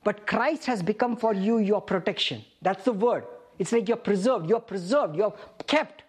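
A woman's voice: mid-range voice, normal speed, a little mellow, breathy edge. A woman preaching a sermon, reading scripture aloud and asking the congregation questions.

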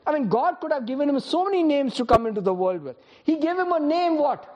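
A woman's voice: sits high, expressive, fast talker, dark tone, muffled recording. A woman preaching a sermon, firing rhetorical questions at the congregation, calling on people by name and laughing often between points.

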